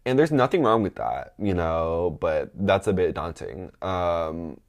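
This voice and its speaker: Chatty young man, very low voice. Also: sing-song, measured pace, gravelly. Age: 20s. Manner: chatty, filler-heavy, gossipy asides. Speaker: podcast host. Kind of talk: casual storytelling.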